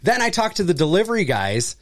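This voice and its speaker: A man telling a story in casual chat, acting out the people in it with jumps in voice and plenty of swearing. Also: fairly quick. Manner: animated, acts out quoted people with pitch jumps, swears freely. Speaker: furniture delivery and service worker.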